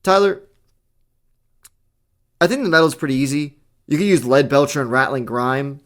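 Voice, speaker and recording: A man's voice: mid-range voice, animated, moderate pace, fairly bright tone. A young man co-hosting a casual hobby chat, talking eagerly with slangy asides. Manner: enthusiastic, chatty, slangy. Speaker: podcast co-host.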